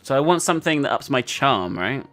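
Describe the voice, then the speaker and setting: Casual gamer, dry reader of game text, mid pitch, faint music behind. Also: sing-song, brisk, fairly bright tone. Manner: laid-back, swears freely, reads narration with dry timing. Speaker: video game player. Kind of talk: casual gaming chat and reading game text aloud.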